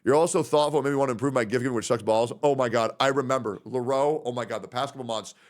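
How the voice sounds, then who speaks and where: A man with a mid-range voice talks fast while livestreaming casually. He rambles, swears freely and gets openly emotional as he reads out messages from friends.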